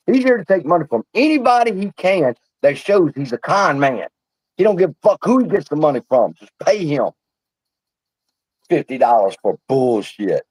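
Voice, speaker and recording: Fired-up, profane man with a lively voice. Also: a little high, dry recording, rough recording. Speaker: livestream host. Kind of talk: heated casual livestream rant.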